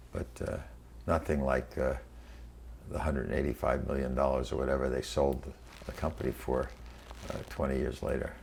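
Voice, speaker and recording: A man in his eighties from New York City, recalling his career in a halting oral history interview full of fillers and restarts. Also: very deep voice, creaky, a little mellow, slight background noise. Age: 80s. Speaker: interviewee, venture capitalist. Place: quiet room.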